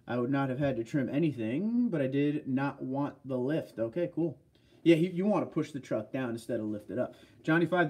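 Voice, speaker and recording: A man's voice: mid-range voice, darkish tone. A man hosting a casual livestream, chatting with viewers, reading out their comments and greeting them by name. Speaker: livestream host.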